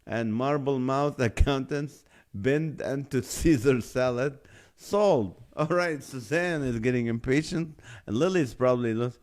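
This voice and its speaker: A man's voice: mid-range voice, a little slow, a little mellow. A man hosting a live stream, reading viewer names and guesses aloud and laughing often.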